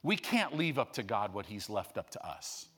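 A middle-aged male pastor preaching a sermon, dropping to hushed low asides and rising to loud peaks. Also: sing-song, moderate pace, breathy edge.

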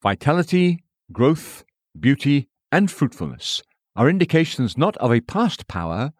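A man reads a devotional text aloud in a measured, scripted way, naming each scripture citation as he goes. His pitch rises and falls with plenty of movement. The sound is dry and close, with no room around it. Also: big pitch swings, slightly rough, no room sound. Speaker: audiobook reader. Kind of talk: scripted narration of a devotional book.

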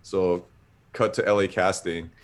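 A man's voice: sits low, steady tone, a little slow. A man telling a long casual story, rambling with lots of filler words.

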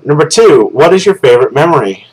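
A man hosting a casual podcast chat, reading out listener questions in a jokey, animated way. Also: fairly high pitch, fast, rough recording. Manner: animated, jokey, breaks into loud laughing shouts. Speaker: podcast host.

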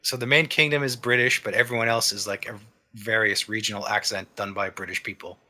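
A man's voice: lowish voice, steady tone, a little fast, bright, forceful tone. A man casually explaining a game on a podcast, rambling and restarting his sentences as he goes. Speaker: podcast co-host reviewing a game. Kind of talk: casual chat.

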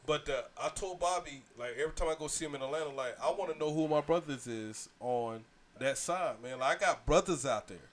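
A man's voice: a little high, a little fast, hardly any pauses. A man in his mid-thirties hosting a podcast, slangy and swearing, stammering as he gets emotional and teary. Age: 30s. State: emotional, tearing up. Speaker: podcast host. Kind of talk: casual podcast chat.

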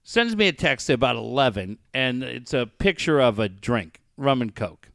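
A man with a bright, forceful voice tells stories in casual podcast chat, his pitch swinging widely as he acts out the people he quotes. He swears freely, and the sound is dry and close. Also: sing-song, normal speed, vocal fry, no room sound. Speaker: podcast co-host.

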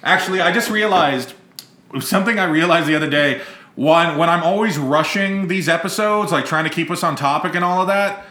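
Guy hosting a podcast, bright tense voice, laughs a lot, crude jokes, roomy echo. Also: on the high side, a little fast. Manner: laughs often, joking and crude. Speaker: podcast host. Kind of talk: casual chat.

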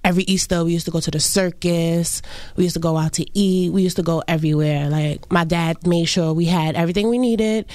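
Young new woman, lowish smooth voice, dry close sound, talks in halting bits w lots of ums. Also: fairly even intonation, a little mellow, no echo. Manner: halting, many fillers and restarts. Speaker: interviewee. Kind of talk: emotional personal account.

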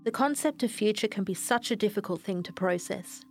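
A woman's voice: medium pitch, faint music behind. Woman reading a reflective narration. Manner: slow, measured reading.

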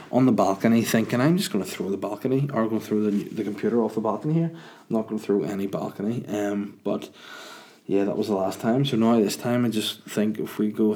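A man talks in a loose, rambling monologue. He rants and swears freely in a lowish, warm, mellow voice. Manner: chatty, ranting, swears freely.

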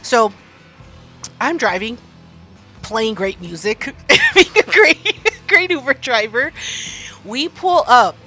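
Woman, podcast co-host: loose, swearing storyteller, quick to laugh, faint music underneath. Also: on the high side. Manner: profane, animated, laughs often. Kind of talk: casual storytelling chat.

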